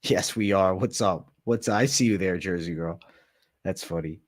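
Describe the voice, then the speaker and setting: Here the young Massachusetts streamer's voice is on the low side with a darkish tone and moderate pace, as he casually chats, curses constantly, and reads out comments from viewers.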